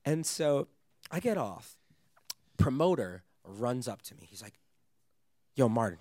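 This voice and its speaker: A young man, a DJ guest, telling a wild story in casual chat, animated and swearing often, laughing as he goes. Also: medium pitch, measured pace, long pauses, no echo, studio quality.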